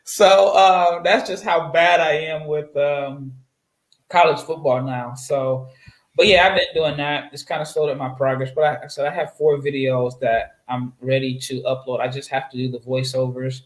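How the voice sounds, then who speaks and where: A man's voice: fairly high pitch, steady tone, normal speed. A man from Nebraska, a guest draft analyst, telling a long story in casual interview chat with lots of fillers and restarts. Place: home setup, away from his usual mic. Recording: roomy echoey sound.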